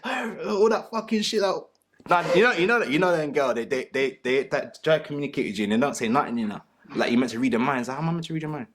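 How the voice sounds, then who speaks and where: A man's voice: a little high, fast talker, fairly bright tone. A man, a panelist talking in a crude, joking, slangy way about relationships. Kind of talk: casual panel talk.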